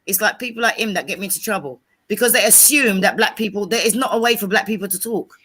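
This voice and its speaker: Brief: middle-aged East London woman, bright tone, acts out every quote in her stories. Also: medium pitch, fast talker, husky. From England. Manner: animated storyteller, acts out quoted dialogue. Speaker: panelist. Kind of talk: casual banter on a livestream.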